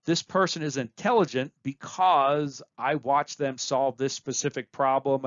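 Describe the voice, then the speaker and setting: A man's voice: medium pitch, dry recording. Dry, dull-sounding male lecturer. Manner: plain, instructive, repeats phrases for emphasis. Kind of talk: recorded course lecture.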